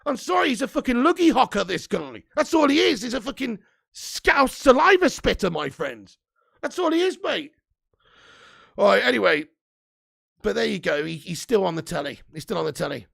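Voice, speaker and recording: High, gravelly, swearing man. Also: very animated, moderate pace, fairly bright tone. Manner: profane, ranting, indignant. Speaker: fan channel host. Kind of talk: live stream rant.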